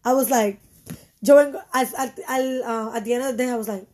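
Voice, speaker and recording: High-voiced woman in casual bilingual chat. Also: brisk. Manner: switches freely between English and Spanish, animated.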